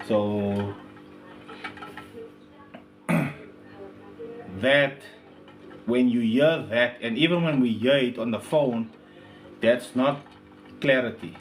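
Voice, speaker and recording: A man who runs a speaker repair shop, talking casually to the camera in his workshop with lots of slang and frequent throat clearing. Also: medium pitch, slow, pauses often, faint music behind.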